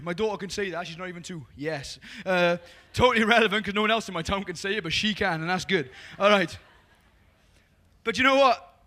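A man with a Welsh accent preaching a lively evangelistic sermon, joking, swinging from loud calls to soft confiding. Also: high-pitched.

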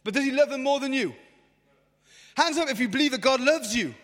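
Brief: man in his thirties, youth preacher, strikingly high voice, passionate and chatty, long hall reverb. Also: animated, fairly quick, fairly bright tone. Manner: passionate and colloquial, addressing the crowd. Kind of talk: lively youth sermon. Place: large hall at a youth event.

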